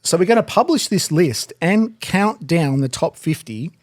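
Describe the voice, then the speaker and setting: A man's voice: fairly high pitch, lively intonation, a little slow, dry recording. Upbeat man, dry close sound. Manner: swears casually, upbeat. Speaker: podcast co-host. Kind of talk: casual banter.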